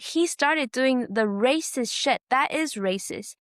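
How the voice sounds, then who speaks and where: A woman from the United States, a comedian hosting her own podcast, telling a story in a casual, animated way, swearing freely and acting out what people said. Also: a little high, measured pace, no echo, clean studio sound. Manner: animated, swears freely, acts out quotes in raised voice.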